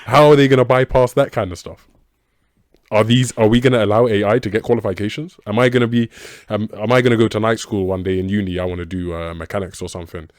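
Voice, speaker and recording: Fast-talking low-voiced man. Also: no room sound, clean studio sound. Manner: animated, skeptical, joking. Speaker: podcast co-host. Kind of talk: casual podcast chat.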